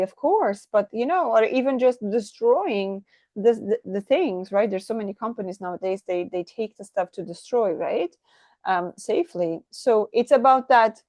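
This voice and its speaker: Excitable woman tarot reader, slightly high voice, gushing and stumbling, dry close sound. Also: dry recording. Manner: effusive, keeps asking "right?"; excitable, trips over words. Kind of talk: channeled tarot reading.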